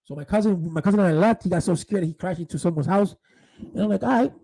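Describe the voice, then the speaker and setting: A man telling profane street stories in a casual, animated monologue, full of restarts. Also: high voice, quick pace, rough recording. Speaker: podcast host.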